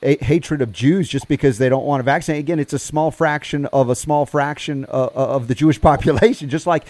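Male talk host, slightly high voice, hesitant fillers, dry close mic. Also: a little fast, darkish tone, dry recording. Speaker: show host. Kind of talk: casual chat.

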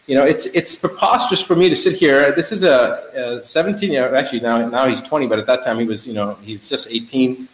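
A middle-aged man, a physician guest, talking in a casual chat in an animated, emphatic way, piling up words in lists. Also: mid-range voice, quick pace, hardly any pauses, echoey room, a little hiss or hum, poor audio.

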